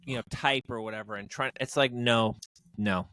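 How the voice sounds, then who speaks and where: A man's voice: mid-range voice, steady tone, moderate pace, bright, forceful tone, no echo. A man co-hosting a podcast, chatting casually about movies in a rambling, jokey way with lots of fillers. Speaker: podcast co-host. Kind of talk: casual movie review chat.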